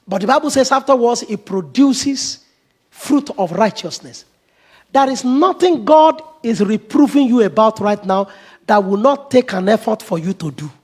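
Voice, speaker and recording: High-voiced man preaching a lively sermon. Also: normal speed. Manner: animated preaching, acts out quoted voices, laughs often. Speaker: pastor.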